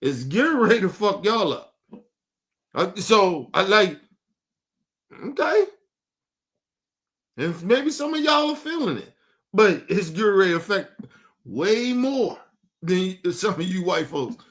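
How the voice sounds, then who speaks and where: A man's voice: high-pitched, big pitch swings, unhurried, fairly bright tone. A man hosting a live stream, ranting bluntly and profanely in casual commentary. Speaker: streamer host.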